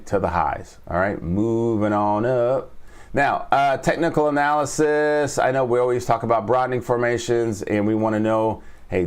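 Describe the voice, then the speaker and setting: A man's voice: fairly low pitch, darkish tone. A man hosting a live trading lesson. He repeats his key points, stops to ask "all right?" after each one, and reads and answers the live chat. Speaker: trading coach and stream host.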